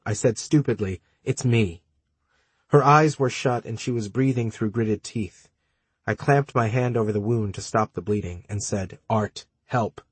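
Dry, husky male audiobook narrator. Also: on the low side, moderate pace, no room sound. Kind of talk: scripted first-person narration.

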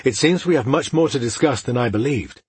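A man voicing an ancient male elf elder who speaks in a formal, measured way. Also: mid-range voice, lively intonation, husky, no room sound. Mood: grave.

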